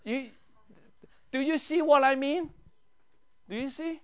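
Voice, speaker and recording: Animated pastor, questioning his class. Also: extremely high pitch, takes it slowly. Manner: animated, asks the group questions, drops to a hushed tone for emphasis. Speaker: pastor leading a Bible study. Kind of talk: teaching sermon.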